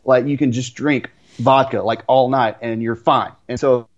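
A man's voice: mid-range voice, fairly even intonation, normal speed, lo-fi sound. A young man who is a guest on a podcast, chatting casually and filling his speech with "like" and restarts. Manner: filler-heavy, says "like" constantly. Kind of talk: casual chat.

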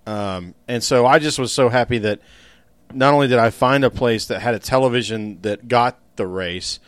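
A man co-hosting a casual podcast talks in a reflective, unhurried way, with frequent fillers. His voice sits at an ordinary middle pitch. The sound is close and dry. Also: smooth, no echo. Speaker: podcast co-host. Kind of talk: casual chat.

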